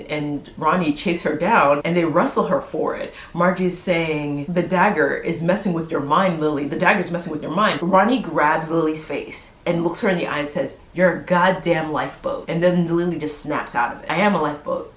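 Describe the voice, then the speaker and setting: A woman with a low-pitched voice recaps a TV episode in loose, casual chat. She retells the scenes with animated energy, swears freely and laughs between them. Her voice bounces around a noticeably echoey room. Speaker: show host recapping a TV episode.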